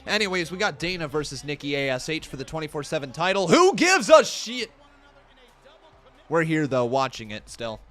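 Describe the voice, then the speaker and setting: A man hosting a live wrestling watch-along, giving excitable, swear-laden reaction commentary and talking to his chat. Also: on the high side, fast talker, few pauses, faint music behind. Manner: excitable, swears casually, chats to viewers.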